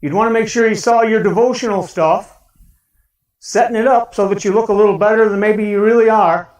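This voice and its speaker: A man with a Midwestern American accent preaching a lively sermon as pastor, asking his congregation questions. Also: high-pitched, fairly quick. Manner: animated, shouts a cheerful greeting, talks to the congregation with questions. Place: church sanctuary. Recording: roomy church sound from a distance.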